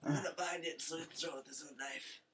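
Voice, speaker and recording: A man voicing a weary young captive in an amateur horror film, talking flat, quiet and slow. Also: a little high, slight background noise, natural voice.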